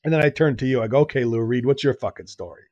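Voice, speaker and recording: A man's voice: medium pitch, rapid-fire, darkish tone, dry recording, muffled recording. Dry rambling male storyteller. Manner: rambling anecdote with quoted back-and-forth; repeats himself. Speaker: podcast co-host. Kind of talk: casual chat.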